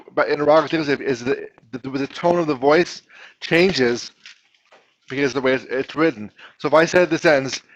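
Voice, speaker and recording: A man's voice: on the high side, low-quality recording. A man teaching a class, patiently explaining and often restarting his phrases. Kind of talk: classroom instruction.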